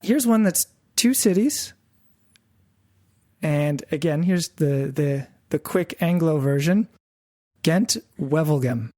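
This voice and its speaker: A woman's voice: sits low, takes it slowly, dark tone, no echo, clean studio sound. A woman with an English Canadian accent hosting a podcast interview, playful and self-deprecating. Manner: self-deprecating, playful, stumbles over foreign names. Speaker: podcast host.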